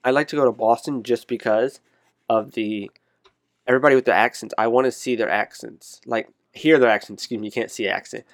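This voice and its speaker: A man's voice: mid-range voice, fairly even intonation, fairly quick, no echo, clean studio sound. A man chatting casually about places he'd like to travel, rambling and correcting himself as he goes. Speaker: conversation partner. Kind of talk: casual chat.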